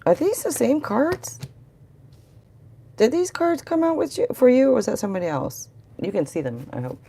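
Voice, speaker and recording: A woman's voice: on the high side, big pitch swings, normal speed, warm tone, slightly rough. A middle-aged woman giving a rambling, chatty live tarot reading and talking to viewers in the chat. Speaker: tarot reader.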